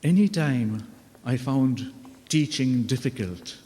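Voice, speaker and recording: Guy telling stories to a school crowd, slow and mellow, lots of hall echo. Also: mid-range voice. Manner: earnest, unhurried storyteller. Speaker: religious brother giving a talk to students. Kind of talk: storytelling address. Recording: long hall reverb.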